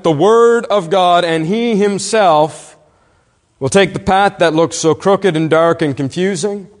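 Male pastor, fairly high voice, earnest emphatic sermon, long hall reverb. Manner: earnest, questioning, emphatic preaching with slowed stresses.

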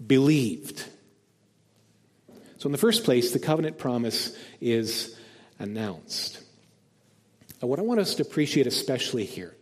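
Man preaching in a reverberant church. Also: medium pitch. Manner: earnest, emphatic repetition, swelling on key phrases. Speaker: pastor. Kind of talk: sermon. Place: church sanctuary. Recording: long hall reverb.

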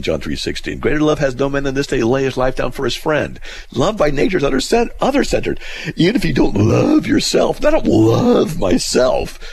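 A male radio host reading listener mail aloud and mocking it in a sarcastic, animated way. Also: creaky, breathy edge. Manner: sarcastic, mocking, animated with sudden pitch jumps.

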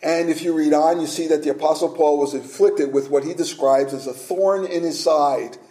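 A man's voice: fairly high pitch, normal speed, dark tone, reverberant, poor audio. A man preaching a sermon as pastor, earnest and direct, asking his listeners rhetorical questions.

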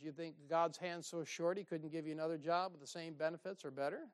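A man's voice: fairly high pitch, steady tone, fairly quick. A man preaching a sermon in a folksy, exhorting way, with asides and short laughs.

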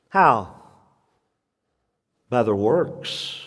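Male pastor, radio sermon, animated with sharp high-pitched peaks, reverberant sanctuary sound. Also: slow pace, long pauses. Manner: animated preaching, sudden high-pitched emphasis.

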